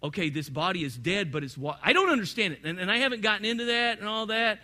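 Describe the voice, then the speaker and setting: Man preaching, lively delivery, quiet asides then loud emphasis, high voice, very bright tone. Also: fast. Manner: animated, talks to the congregation directly, swings from quiet to loud. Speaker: pastor. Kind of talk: sermon.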